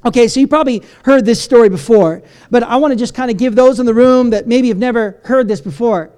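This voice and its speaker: A man preaching in a church, opening with a prayer and retelling a story in an animated, casual way, with many fillers and restarts. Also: very high-pitched, fast talker, clear, resonant tone. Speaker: pastor. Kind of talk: sermon.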